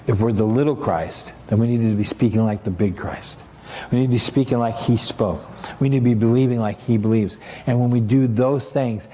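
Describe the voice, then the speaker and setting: A man's voice: fairly low pitch, mellow, reverberant, slight background noise. A middle-aged man, a pastor, preaching a sermon in a church sanctuary, talking casually and then rising into emphatic passages.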